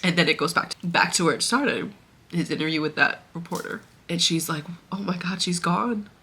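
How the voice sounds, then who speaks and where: A woman's voice: on the low side, moderate pace, sharp tone, breathy edge. A young woman vlogger casually retelling a story she read, rambling and getting emotional. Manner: emotional, tearful, laughing and sighing while retelling; rambling with many fillers. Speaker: book vlogger.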